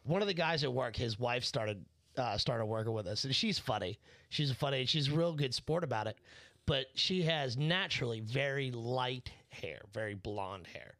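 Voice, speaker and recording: A man's voice: medium pitch, lively intonation, moderate pace, a bit bright, no room sound. Man, podcast co-host, loose and profane storyteller, dry close sound. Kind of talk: casual chat.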